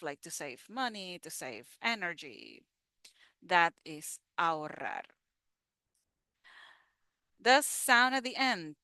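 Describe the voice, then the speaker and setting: A woman teaching a slow pronunciation lesson, patiently repeating each word. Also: lowish voice, pushed and bright, clean tone, no echo. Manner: patient, repeats words slowly. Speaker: Spanish teacher.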